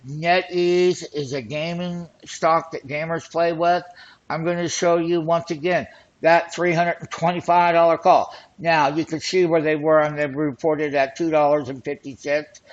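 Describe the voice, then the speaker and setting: Excited, boastful male trading host. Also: fairly high pitch, muffled recording. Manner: excited, boastful, hype-driven patter. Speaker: options trading show host. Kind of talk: screen-share trading commentary.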